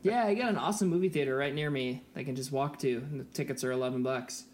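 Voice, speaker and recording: A man's voice: mid-range voice, fast talker, darkish tone, slight background noise. A man co-hosting a podcast in casual chat, easygoing and wry, chuckling often. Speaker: podcast co-host.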